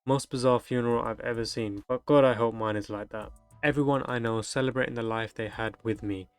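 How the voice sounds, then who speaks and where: A man's voice: medium pitch, steady tone, brisk, clean tone, no room sound, faint music behind. A young man reads delivery-driver stories aloud from the internet and breaks in with crude, joking reactions. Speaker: streamer reading online stories. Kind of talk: reading aloud with comedic commentary.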